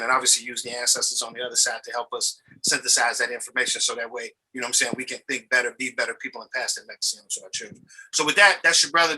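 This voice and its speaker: A man who is a pastor, talking casually and in a lively, preacherly way on a video call. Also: mid-range voice, husky, low-quality recording. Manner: animated, preacherly, repeats "you know what I'm saying". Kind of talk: casual chat.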